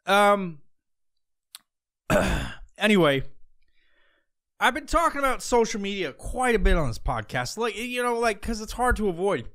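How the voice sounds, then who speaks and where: Male podcast host, casual profane monologue, rambling and sarcastic, voice sits a bit high. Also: big pitch swings, measured pace, long pauses, fairly bright tone. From Pacific Northwest. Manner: rambling, crude, sarcastic, lots of fillers. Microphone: podcast mic.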